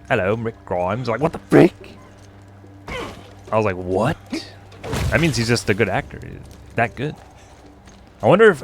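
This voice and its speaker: A man's voice: lowish voice, a bit bright. A man streaming a co-op game, chatting casually and rambling to his co-player while he plays. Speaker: gaming streamer. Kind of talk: casual gameplay commentary.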